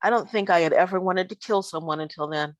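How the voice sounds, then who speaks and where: A woman's voice: fairly low pitch, fast, no room sound, poor audio. A woman performing spoken word poetry live, with a rhythmic, emphatic delivery and weary repeated refrains.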